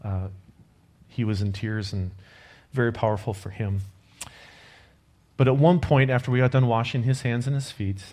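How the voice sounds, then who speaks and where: A man's voice: medium pitch, steady tone, moderate pace, long pauses. A man preaching a sermon, telling a personal story in an earnest, conversational way and closing with a prayer. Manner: closes in quiet prayer.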